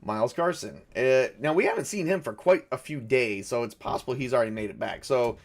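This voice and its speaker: Guy running a solo tabletop game, talks to himself, rambles and corrects himself, mid pitch. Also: lively intonation, brisk. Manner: rambling, self-correcting, chuckles at own jokes. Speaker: game master.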